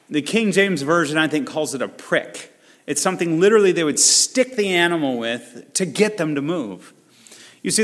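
A man preaching a sermon, animated and conversational, acting out voices and asides as he teaches. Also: a little high, big-room sound. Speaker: pastor.

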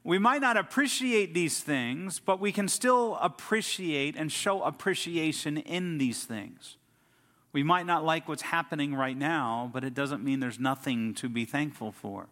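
A man's voice: fairly high pitch, measured pace, a bit bright, in a large hall. A middle-aged man preaching a sermon as a pastor, telling stories and building emphatic lists. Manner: storytelling preacher, emphatic lists and rising outbursts.

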